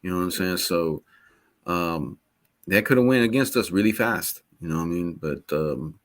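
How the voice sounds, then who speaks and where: A man's voice: low-pitched, animated, normal speed. A man co-hosting a casual sports podcast, talking loosely and profanely in rambling asides. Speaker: podcast co-host.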